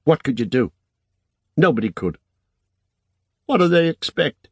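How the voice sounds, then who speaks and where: A man voicing a frightened but fierce young woman who speaks softly in a thin, raised voice, in audiobook narration. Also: sing-song, unhurried, slightly rough, dry recording, exaggerated voice. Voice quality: thin, higher voice. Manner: soft, under the breath.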